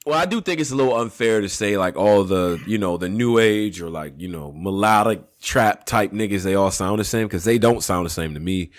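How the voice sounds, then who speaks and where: A man hosting a casual podcast debate, talking in a laid-back, slangy way, his pitch swinging up and down as he muses. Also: expressive, fairly quick, few pauses. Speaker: podcast host and debate moderator.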